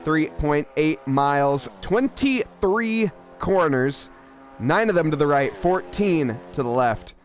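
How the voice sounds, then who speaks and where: A man's voice: on the high side, expressive, slow pace, faint music behind. A man giving live play-by-play for a sim racing stream, joking and bantering with chat between race updates.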